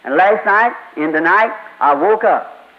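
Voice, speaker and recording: A man's voice: sits high, animated, a little slow. A man preaching a sermon who quotes a humble old blind man, speaking his pleading words in nearly his own voice. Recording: dull lo-fi old sermon tape.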